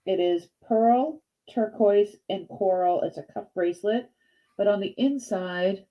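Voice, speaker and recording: A woman's voice: mid-range voice, unhurried. A woman in her fifties with a Boston accent, hosting a casual live jewelry sale, chatty and hesitant as she shows pieces and greets viewers. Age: 50s. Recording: dull lo-fi stream audio.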